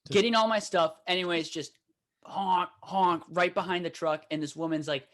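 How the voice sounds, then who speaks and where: Young guy, high voice, profane and animated, casual podcast storyteller. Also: moderate pace. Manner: profane, animated storyteller, shouts quoted lines. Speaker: podcast co-host.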